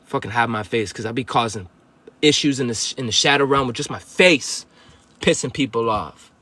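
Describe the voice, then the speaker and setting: A man's voice: medium pitch, normal speed, pushed and bright, dry recording. A man giving a livestreamed spiritual monologue to viewers, profane, confrontational and preachy. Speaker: livestream host.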